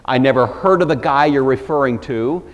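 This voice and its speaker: A man's voice: medium pitch, moderate pace, big-room sound, highs cut off, close to an everyday voice. An older man acting out a cornered fisherman's vehement, word-by-word denial during a Bible lecture. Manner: vehement, stressing every word.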